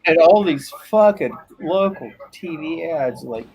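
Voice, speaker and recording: A man chatting as co-host, blunt and profane, jumping in with quick remarks. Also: a little high, lively intonation, vocal fry, a little mellow, poor audio. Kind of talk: casual chat.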